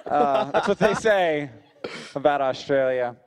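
An American man from Florida co-hosting a podcast in casual, animated chat, laughing often. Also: measured pace. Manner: animated, laughs often, swings into high exclaims. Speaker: podcast co-host.

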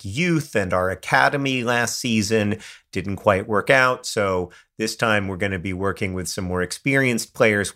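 Low-pitched guy cohost, earnest and self-mocking, lots of restarts. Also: a bit bright. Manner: thoughtful, earnest, self-deprecating, with false starts. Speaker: podcast co-host. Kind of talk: casual chat.

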